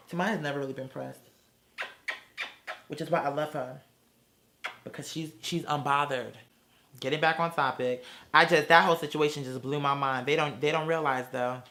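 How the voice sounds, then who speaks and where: A man's voice: a little high, pushed and bright. An adult man and parent ranting about a stranger, sassy and brash, swearing constantly and calling people girl. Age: adult with children. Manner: theatrical, mocks people in put-on voices. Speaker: vlogger. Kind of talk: profane ranting storytime.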